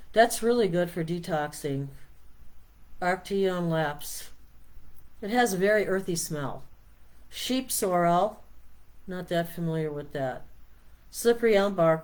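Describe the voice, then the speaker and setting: A middle-aged woman hosting a meditation stream, chatting casually and rambling as she reads product labels aloud. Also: lowish voice. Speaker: meditation host. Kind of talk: casual live-stream chat.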